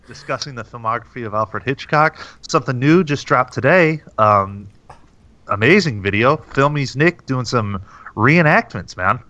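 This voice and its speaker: A man's voice: mid-range voice, animated, normal speed, bright, forceful tone, no echo, dull audio. A male podcast co-host chatting enthusiastically, swearing and plugging the channel. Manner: enthusiastic, profane, plugs the channel. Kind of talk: casual podcast banter.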